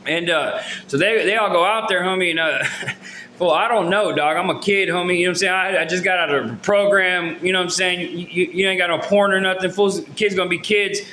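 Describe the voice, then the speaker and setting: Bright, high-voiced man telling a rambling story. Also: fairly quick, a little hiss or hum. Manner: rambling and slangy, many fillers and restarts. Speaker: storyteller recounting his own experiences. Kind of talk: casual storytelling to camera. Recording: roomy echo.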